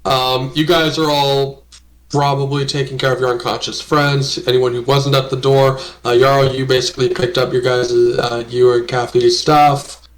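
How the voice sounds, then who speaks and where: A man's voice: mid-range voice, level tone. Casual, swearing game master man. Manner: casual, profane, halting with fillers. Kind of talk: narrating a tabletop game.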